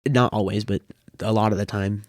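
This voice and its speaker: A man's voice: lowish voice, fairly even intonation, fairly quick, dry recording. A thirteen-year-old boy chatting casually as a podcast guest, rambling with a dry wit. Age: teens. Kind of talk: casual chat.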